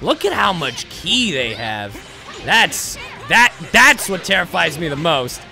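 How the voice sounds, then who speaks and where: A young man giving excited gameplay commentary, yelling and trash-talking his opponent as he plays a fighting game. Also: fairly high pitch, takes it slowly, gravelly, faint music behind. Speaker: gaming YouTuber playing a fighting game.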